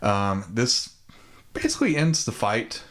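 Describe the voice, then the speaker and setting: A man's voice: fairly low pitch, very animated, unhurried, a bit bright. A man, co-hosting a podcast and casually retelling a movie plot, with plenty of ums, likes and swearing. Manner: laid-back, profane, many ums and likes. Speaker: podcast co-host. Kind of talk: casual chat retelling a film.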